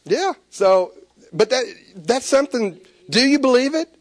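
A man preaching a sermon, animated, with stammered restarts. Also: extremely high pitch, a little slow, dry recording. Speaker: pastor.

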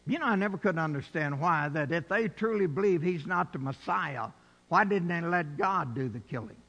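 High-voiced preacher in a reverberant hall. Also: male voice, animated, moderate pace, breathy edge, highs cut off. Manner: emphatic, swells to shouted peaks. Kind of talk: sermon.

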